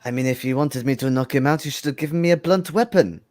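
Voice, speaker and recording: A man's voice: medium pitch, quick pace, a little mellow. A man playing a tabletop game, dry and playful. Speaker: player. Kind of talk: casual tabletop game chat.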